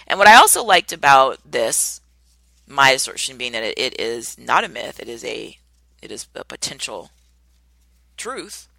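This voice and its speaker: A woman hosting her own podcast, talking through ideas in an animated, expressive way and acting out the people she quotes. Her voice has a gravelly edge and a bright, forceful tone. The sound is close and dry. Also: rumbling low, no echo, poor audio. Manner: animated, acts out quoted people with big exclamations. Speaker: podcast host and coach. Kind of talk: solo podcast monologue.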